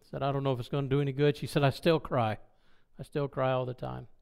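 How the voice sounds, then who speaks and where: A man telling a personal story in a sermon, animated and acting out the dialogue. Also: mid-range voice, fast talker, creaky, smooth. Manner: loud when excited. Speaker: preacher.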